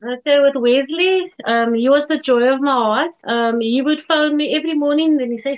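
High-voiced South African woman, laughing. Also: normal speed, hardly any pauses, lo-fi sound. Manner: fond, laughing often while telling stories. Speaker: guest. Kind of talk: personal storytelling in an interview.

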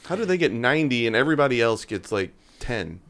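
Smooth-voiced joking male co-host. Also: medium pitch, very animated, fairly bright tone. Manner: joking, quick asides, chuckles. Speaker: podcast co-host. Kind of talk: casual chat.

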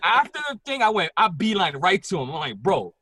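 A man with a Puerto Rican accent, telling a story in casual podcast chat, profane and animated. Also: high voice, fast talker. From Puerto Rico.

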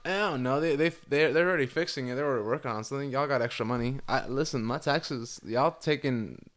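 A man's voice: medium pitch, fast, fairly bright tone. A young man with a groggy morning voice, chatting casually as a podcast co-host and rambling with lots of fillers, restarts and swearing. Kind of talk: casual chat.

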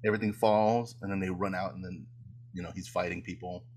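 Lower-voiced male podcast co-host who rambles and laughs through a plot recap, casual and unscripted. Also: flat delivery, fairly quick, a little mellow. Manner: rambling retelling, laughing often. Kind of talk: casual rewatch chat.

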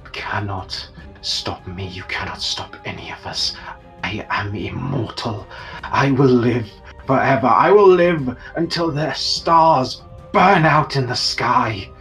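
A man's voice: mid-range voice, slow pace, a bit bright, soft background music, voice pushed up. A man voicing an arrogant, immortal female sorceress who taunts her foes. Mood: defiant.

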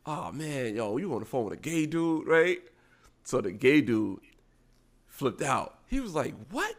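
A man with a gravelly, fry-edged voice, chatting casually as a podcast co-host. He tells stories with animated quoted voices, in a middle pitch. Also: a little slow. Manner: animated storyteller acting out quotes. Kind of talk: casual storytelling chat.

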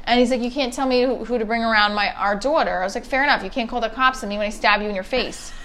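A woman comedian telling stories as a podcast guest, talking fast and dramatically and acting out the people she quotes. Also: a little high, background noise. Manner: rapid, dramatic, acts out quotes with big swings. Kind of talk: animated storytelling chat.

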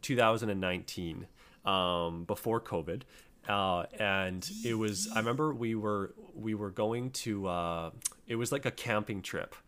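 A man's voice: fairly low pitch, measured pace, a bit bright. A young man co-hosting a podcast, chatting casually and telling a rambling story full of fillers. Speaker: podcast co-host.

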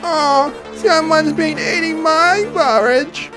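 A narrator voicing Baby Bear, a small whiny bear cub, with a high wailing voice close to tears, in a storybook read-aloud. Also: slow pace, music in the background. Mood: upset.

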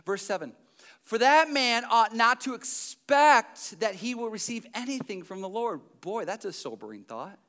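A man preaching a sermon, animated and emphatic, dropping to quiet asides and near-whispers between loud passages. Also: high voice, moderate pace. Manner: conversational asides with the congregation.

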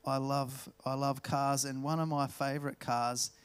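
A man with an Australian accent preaching a sermon, telling stories and slowing down to stress key words. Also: mid-range voice, level tone, clear, resonant tone. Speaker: pastor.

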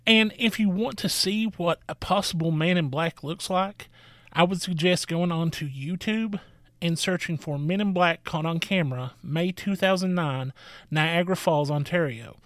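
Man reading a measured podcast segment. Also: fairly high pitch, fairly bright tone, no room sound. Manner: measured, spells out names. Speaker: segment presenter. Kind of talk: scripted podcast narration.

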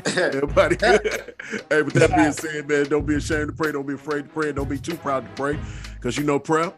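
A man's voice: a little high, fairly even intonation, quick pace, music in the background. A man hosting a casual podcast, signing off with loose talk, blessings and encouragement to pray. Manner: loose, laid-back, with blessings and prayer talk. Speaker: podcast host.

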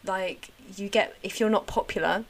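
A woman's voice: medium pitch, moderate pace. Chatty young woman. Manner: chatty, fillers of "like", enthusiastic storytelling. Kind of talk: casual chat.

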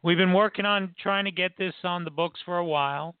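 Male talk show host, raised pitch, casual and halting, dry phone-line audio. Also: smooth, no room sound. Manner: halting, many "you know" fillers. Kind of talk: casual interview chat.

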